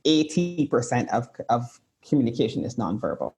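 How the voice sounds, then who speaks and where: A woman's voice: a bass voice, very animated, moderate pace, dark tone. A woman, an author and writing coach, giving reflective advice as a podcast guest, with a lot of "like" and "you know". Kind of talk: casual conversational interview.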